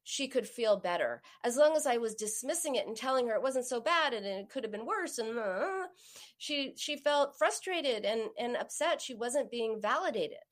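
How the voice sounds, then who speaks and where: Animated woman giving friendly advice. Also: normal speed, hardly any pauses. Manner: animated storyteller, acts out quoted voices with sharp pitch jumps. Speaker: host giving advice on emotional eating. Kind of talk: direct-to-listener advice talk.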